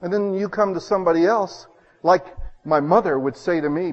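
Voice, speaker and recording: A man preaching a sermon, telling homey stories and swinging between loud bursts and hushed asides. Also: high voice, brisk, in a large hall, muffled recording.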